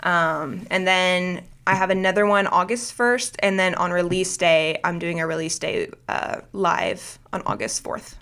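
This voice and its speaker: A woman who makes book videos chats casually as a podcast guest, rambling loosely with plenty of fillers and restarts. Her lowish voice is animated and fairly bright, and she talks at an unhurried pace with hardly any pauses, recorded cleanly.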